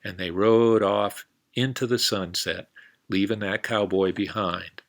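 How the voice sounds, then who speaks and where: A man telling a folk tale for a library storytime in a folksy, relaxed way. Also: fairly low pitch, unhurried. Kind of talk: storytime narration.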